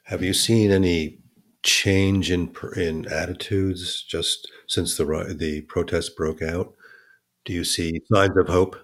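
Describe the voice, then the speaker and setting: A man interviewing a guest with slow, gentle questions. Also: deep voice, steady tone.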